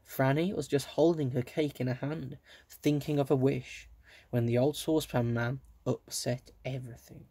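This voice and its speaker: Man, storybook reading, gravelly, husky, close dry sound. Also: medium pitch, fairly even intonation, normal speed, dry recording. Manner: gentle with asides to listeners. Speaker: reader. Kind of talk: reading a children's book aloud.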